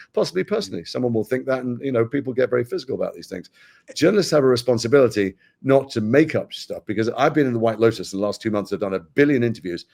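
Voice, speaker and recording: A man's voice: mid-range voice, gravelly. A man from Britain, talking frankly and wryly as an actor guest in an interview. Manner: animated, wry, frank, quick-talking. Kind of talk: candid interview conversation.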